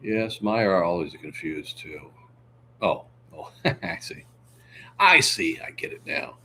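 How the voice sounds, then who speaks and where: A man's voice: deep voice, a little slow, a bit bright, a little hiss or hum. A man hosting a livestream, chatting casually with viewers in a jokey, meandering way and sniffling now and then. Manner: jokey, meandering, full of "uh" and asides. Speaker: livestream host. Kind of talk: casual rambling chat with viewers.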